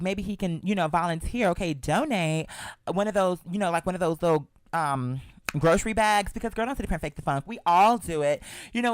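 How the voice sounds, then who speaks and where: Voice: medium pitch, dry recording. A show host telling a story in a sassy, chatty monologue and calling the listener "girl".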